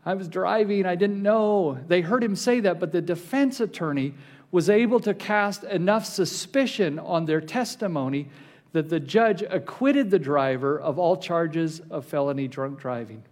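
A male pastor with a high, bright voice reads scripture aloud during a sermon, building in intensity. He stretches out key phrases slowly to give them weight.

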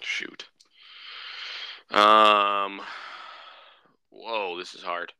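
A man co-hosting a podcast, playful and quick with jokey interjections. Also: lowish voice, level tone, sharp tone, smooth, dry recording. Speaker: podcast co-host. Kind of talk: casual chat.

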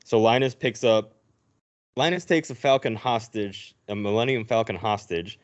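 Man, podcast host, low voice, animated retelling, muffled lo-fi recording. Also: moderate pace. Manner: animated retelling, acting out characters' lines. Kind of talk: casual movie recap. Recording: dull lo-fi recording.

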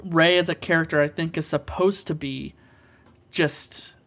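A man's voice: a little high, fairly even intonation, measured pace, a bit bright. A man co-hosting a podcast, chatting casually about films in an earnest, rambling way with many fillers. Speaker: podcast co-host.

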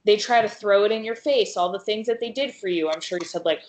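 A woman's voice: mid-range voice, quick pace. Emphatic, swearing woman in an echoey room. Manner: emphatic, angry, swears heavily. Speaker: podcast host. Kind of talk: casual podcast chat.

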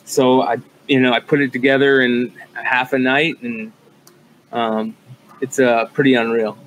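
A man's voice: mid-range voice, level tone, unhurried, a bit bright, highs cut off, slight background noise. A man co-hosting a podcast in casual chat, rambling and swearing freely, with many fillers and restarts. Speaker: podcast co-host.

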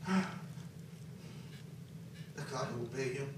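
High-voiced man preaching in echoey hall. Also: unhurried, far from the mic, background noise. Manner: emphatic preaching with wide swings between soft and loud; repeats phrases for emphasis. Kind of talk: sermon.

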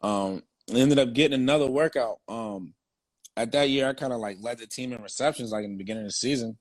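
A man's voice: medium pitch, fast talker, no room sound. A young man, a former football player, telling his story in casual, slang-heavy, profane talk.

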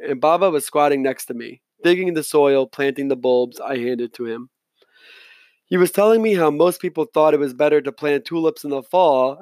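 A man's voice: on the high side, a little mellow, no room sound. Man narrating an audiobook, dry and close. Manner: measured, reflective storytelling. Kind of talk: scripted narration, first person.

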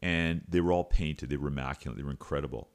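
A middle-aged man with a strikingly deep, low voice tells a story on his podcast. He talks in a relaxed, conversational way, pausing for fillers and restarting his sentences as he goes. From Canada. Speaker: podcast host and coach. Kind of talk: storytelling monologue.

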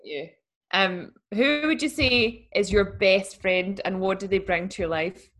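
A young woman co-hosting a podcast over a video call, talking in a playful, animated way and laughing while she speaks. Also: mid-range voice, measured pace. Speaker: podcast co-host. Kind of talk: casual chat.

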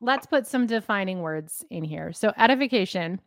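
A woman's voice: medium pitch, expressive, moderate pace, no echo, studio quality. A woman co-hosting a casual faith podcast, teaching with laughter and self-mockery. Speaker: podcast host.

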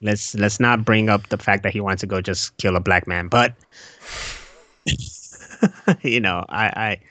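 A young man co-hosting a casual podcast chat, excitable and swearing, with frequent restarts. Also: a little slow. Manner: excitable, swearing, jumps into high put-on voices when quoting. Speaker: podcast co-host.

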